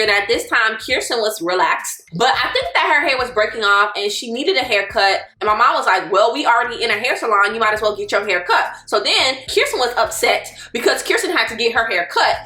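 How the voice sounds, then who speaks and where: Bright-voiced woman in her twenties telling a story. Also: fairly high pitch, reverberant. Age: 20s. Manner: animated, exasperated storytelling. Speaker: vlogger. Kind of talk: storytelling vlog.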